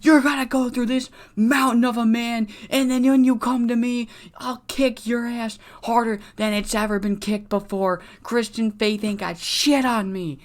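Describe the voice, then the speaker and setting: A person voicing a menacing male wrestler who yells threats at a rival. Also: mid-range voice, fairly even intonation, a little slow, hardly any pauses, pitched above the performer's own voice, lightly acted. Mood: threatening. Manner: yelling, threatening.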